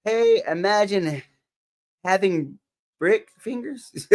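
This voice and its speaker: A man's voice: sits high, sing-song, normal speed. A man hosting a live motivational stream, greeting viewers by name in an upbeat, chatty way and laughing often. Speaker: livestream motivational host. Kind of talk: live stream chat reading. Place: home livestream setup.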